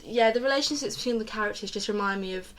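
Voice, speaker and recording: A woman's voice: mid-range voice, fast talker, a bit bright, a little hiss or hum. A young woman co-hosting a podcast, chatting casually and rambling with lots of restarts and giggles. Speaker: podcast co-host. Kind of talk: casual chat.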